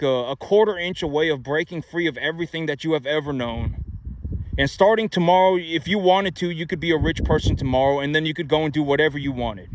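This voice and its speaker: A man's voice: on the high side, a little hiss or hum. A man giving money advice in a casual, emphatic monologue, repeating himself and asking rhetorical questions. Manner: repetitive, emphatic, many rhetorical "right?" asides.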